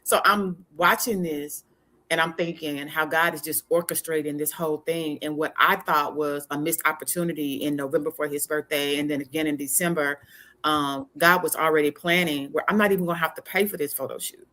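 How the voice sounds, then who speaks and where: Chatty low-voiced woman participant. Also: fairly quick. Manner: chatty, excited, hesitant fillers. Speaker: participant sharing a story. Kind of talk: casual chat.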